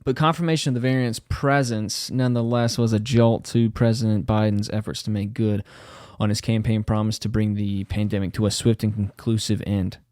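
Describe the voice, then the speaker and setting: A man's voice: fairly low pitch, flat delivery, fairly quick, few pauses, a little mellow, dry recording, studio quality. A man hosting a podcast, reading a news article aloud and breaking in with sarcastic, mocking asides. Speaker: podcast host.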